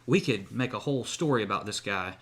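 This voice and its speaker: A man's voice: on the low side, fast talker, husky. A man co-hosting a podcast, telling a long story in casual chat with many fillers and restarts. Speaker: podcast co-host.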